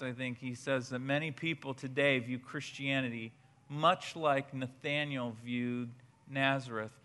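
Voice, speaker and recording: A male pastor preaching a sermon in an animated way, often repeating words as he builds up. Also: medium pitch.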